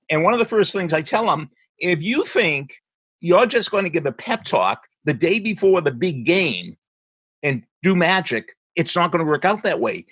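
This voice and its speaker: A man's voice: fairly high pitch, a bit bright, husky, no room sound. A man who is a sports psychology professor, asking probing questions and teaching on a podcast. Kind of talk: podcast conversation.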